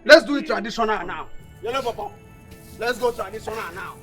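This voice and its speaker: A man's voice: high-pitched, lively intonation, brisk, fairly bright tone, soft background music. An actor with a Nigerian accent playing a boastful, jealous young man picking a fight. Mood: taunting. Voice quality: taunting, challenging. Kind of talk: Nollywood film acting.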